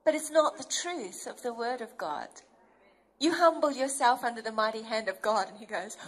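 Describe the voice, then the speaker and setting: A woman with a high voice preaching a sermon. She speaks tenderly and with deep feeling, and her voice sometimes breaks with emotion. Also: moderate pace, fairly bright tone, low-quality recording.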